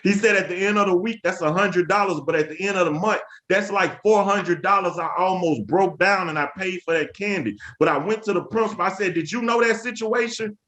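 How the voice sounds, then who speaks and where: An emphatic man, speaking to teachers in a webinar. His voice sits a little high, and he tells stories like a preacher, repeating key phrases and calling out to the audience. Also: brisk, hardly any pauses, a bit bright. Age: 30s. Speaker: education speaker. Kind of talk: webinar talk with storytelling.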